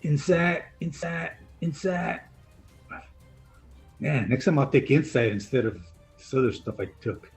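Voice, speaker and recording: A man playing in a tabletop role-playing game, asking quick questions and repeating himself. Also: medium pitch, a little mellow, faint music behind. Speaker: player.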